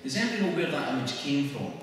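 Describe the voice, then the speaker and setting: A man with a Scottish accent giving a public talk to an audience, conversational and wry, with quick laughs. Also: mid-range voice, sing-song, a bit bright, slight background noise. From Scotland. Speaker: speaker at a public event. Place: church hall. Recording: echoey hall recorded from far off.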